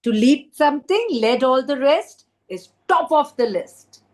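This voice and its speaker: A woman's voice: sits high, lively intonation, measured pace. A middle-aged woman teacher, explaining a poem in an online class, repeating words and acting out the quoted lines.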